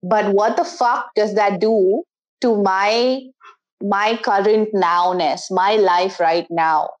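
A woman talking casually and frankly, swearing freely and telling stories in an animated way. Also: mid-range voice, slow, muffled recording. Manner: frank, profane, animated storytelling. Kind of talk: casual philosophical chat.

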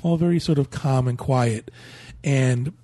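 A man's voice: medium pitch, a little slow, warm tone, no room sound. A man on a podcast recounting a story in casual chat, matter-of-fact. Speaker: podcast co-host.

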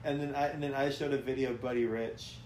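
A man co-hosting a casual chat podcast, speaking in a laid-back, halting way full of fillers. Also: mid-range voice, steady tone, a little mellow, a little hiss or hum. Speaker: podcast co-host, drummer. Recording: echoey room.

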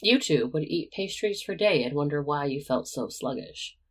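Reserved teenage werewolf with a quiet, husky voice, read by a storyteller. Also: medium pitch, lively intonation, normal speed. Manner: quiet, soft-spoken.

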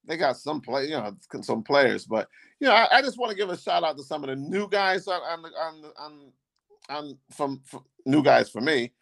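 A man co-hosting a podcast, talking casually about basketball in a rambling, halting way with many restarts. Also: a little high, big pitch swings, gravelly, a bit bright, no echo. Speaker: podcast co-host. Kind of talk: casual sports chat.

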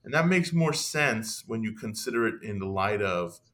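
A young man, a podcast guest, talking in an animated, casual way, with many restarts and asides. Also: fairly low pitch, normal speed. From Iran. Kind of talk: casual conversational discussion.

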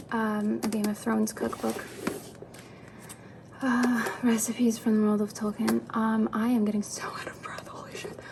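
A young woman in a soft, chatty, giggly whisper, giving an ASMR house tour of her home. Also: on the high side, gravelly. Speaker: ASMR creator. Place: home, indoors. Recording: steady background hiss with clicks.

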